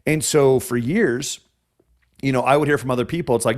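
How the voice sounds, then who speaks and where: A man's voice: medium pitch, brisk, darkish tone. A man hosting a podcast interview, a chiropractor who talks in an emotional, rambling way with many restarts.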